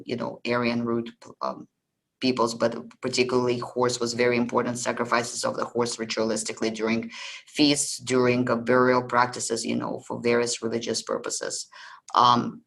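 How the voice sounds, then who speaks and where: A Russian-speaking man hosts a history podcast, chatting casually about ancient beliefs with lots of ums and restarts. His medium-pitched voice is creaky and slightly bright, and the audio quality is poor.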